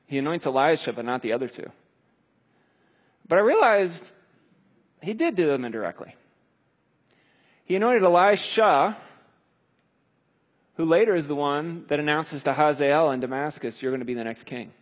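A male preacher retelling scripture in a conversational sermon with emphatic stresses. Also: on the high side. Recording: long hall reverb.

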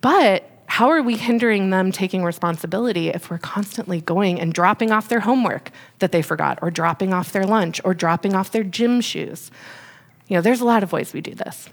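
A woman's voice: medium pitch, brisk. A woman in her thirties, a mother speaking to an audience about parenting, candid and conversational with many fillers. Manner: emotional, fighting back tears. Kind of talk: personal talk to an audience.

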